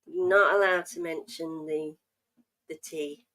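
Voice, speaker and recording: A woman's voice: deep voice, fairly even intonation, unhurried, fairly bright tone. An Englishwoman hosting a livestream, chatting casually and teasing playfully with slang. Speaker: livestream host.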